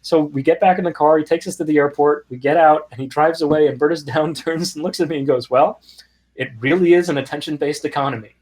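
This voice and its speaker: A middle-aged man, a guest in an interview, telling anecdotes in an animated, conversational way. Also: fairly high pitch, fast, few pauses. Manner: animated anecdotes with quoted voices and laughs. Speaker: guest, music startup founder. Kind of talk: conversational storytelling.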